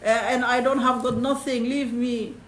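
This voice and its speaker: A high-pitched Quran teacher tells a hadith to a small class in an echoey room with faint noise. She recites the Arabic quickly, then retells it in simple, broken English, animatedly switching between the two languages.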